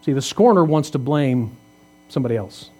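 This pastor, a man in his fifties, delivers his sermon like a conversation, posing rhetorical questions and playfully ribbing his congregation. He speaks in a mid-range, animated voice with warmth, keeping a moderate pace.

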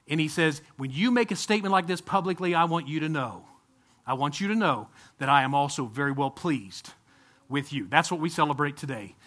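High, bright-voiced male pastor. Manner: conversational, with frequent restarts and sudden bursts of excitement. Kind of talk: informal sermon at a baptism service.

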